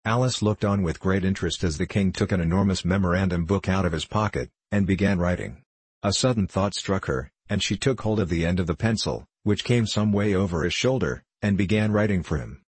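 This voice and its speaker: A man narrating a classic children's storybook in a steady, measured reading. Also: low-pitched, breathy edge, no echo.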